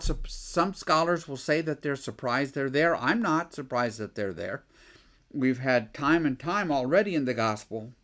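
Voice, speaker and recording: A man's voice: mid-range voice, fairly bright tone. A man preaching a sermon, thinking aloud, with rhetorical questions and frequent restarts. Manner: acts out the scribes' objections.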